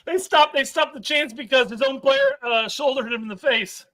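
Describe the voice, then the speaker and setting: A man's voice: very high voice, huge pitch swings, normal speed, noisy background. A man co-hosting a live soccer watch-along stream, chatting about the plays and reading viewer comments aloud. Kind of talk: casual live match watch-along chat.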